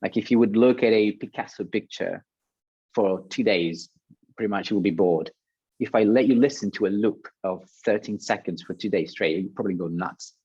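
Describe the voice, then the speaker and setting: A man's voice: lowish voice, moderate pace, a little mellow, breathy edge, no echo, highs cut off. A man, a guest sound designer, talking casually on a panel, hesitant with many fillers and restarts.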